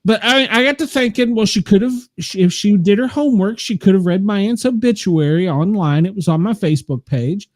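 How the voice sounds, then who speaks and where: A man's voice: sits high, expressive, fairly quick, hardly any pauses, a little mellow, no echo, studio quality. An older man hosting a chat show, telling rambling stories and laughing often. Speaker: podcast host. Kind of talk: casual chat.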